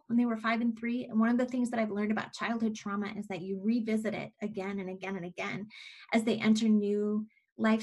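Reflective, soft-spoken woman in her forties. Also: fairly high pitch. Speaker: podcast guest. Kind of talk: candid conversational storytelling.

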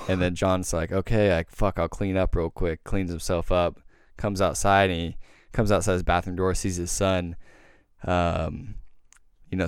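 A podcast host telling a story in casual chat, rambling and swearing often. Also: male voice, deep voice, clean tone, no room sound, clean studio sound. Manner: rambling, profane, heavy filler words.

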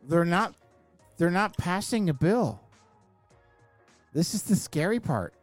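A man's voice: high voice, animated, slow pace, dry recording, soft background music. A man hosting a podcast, ranting in a casual, profane chat. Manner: ranting, heavy swearing. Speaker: podcast host.

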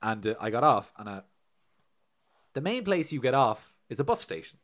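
A man's voice: medium pitch, normal speed. A man with an Irish accent, co-hosting a casual podcast and telling stories with lots of swearing, laughter and acted-out voices. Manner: animated storyteller, swearing, laughing, acting out voices. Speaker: podcast co-host.

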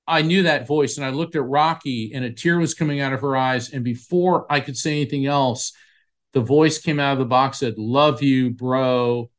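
Male author guest, mid-pitched, earnest and emotional storyteller, often restarts his sentences. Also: brisk. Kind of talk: personal storytelling in an interview.

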